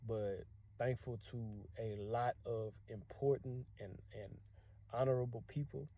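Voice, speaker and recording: Vlogger, man, deep dark tone, earnest and encouraging, dull lo-fi recording. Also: fairly even intonation, measured pace. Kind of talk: casual talk to camera.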